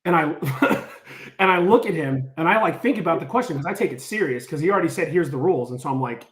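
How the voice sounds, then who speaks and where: A man casually telling a story, animated and full of filler words, acting out what people said. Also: a little high, fast, roomy sound. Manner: animated, lots of "like", acts out quotes. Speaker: storyteller on a podcast.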